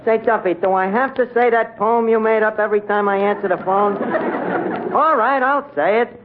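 A man plays a fast-talking tavern manager who answers the phone and mangles his words with cheerful confidence. His voice is fairly high and comes through a tinny, hissy 1940s radio broadcast. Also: natural voice. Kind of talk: 1940s radio comedy acting.

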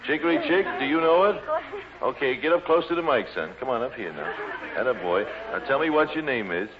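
Jovial emcee man with a lively voice, coaxing people up, on a dull old broadcast recording over a loud noisy crowd. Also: mid-range voice, brisk. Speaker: radio show host. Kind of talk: live broadcast emcee banter. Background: noisy live audience.

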